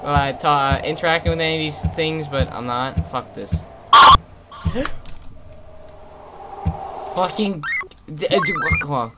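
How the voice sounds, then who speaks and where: A man's voice: fairly high pitch, takes it slowly, long pauses, heavy background noise. A man commentating while he plays a horror game, muttering, cursing and yelping at sudden scares. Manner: profane, startled reactions and mutterings. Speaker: game streamer. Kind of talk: let's play commentary. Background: loud game music.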